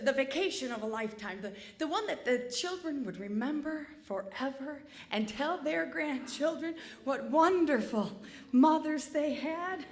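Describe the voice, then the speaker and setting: A woman's voice: a little high, fairly bright tone. A woman in her forties from Michigan telling a comic, self-deprecating story live on stage, in a chatty way.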